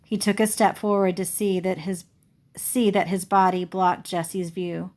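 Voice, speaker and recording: A woman reading a children's novel chapter aloud in an unhurried way, fixing small slips as she goes. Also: mid-range voice, little pitch movement, darkish tone. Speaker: audiobook reader.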